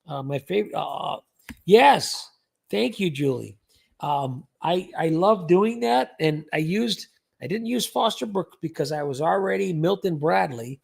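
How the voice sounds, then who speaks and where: A man's voice: fairly high pitch, animated, unhurried, gravelly, a little mellow, slightly rough. An older man hosting a casual livestream, chatty and rambling, with plenty of fillers. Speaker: host.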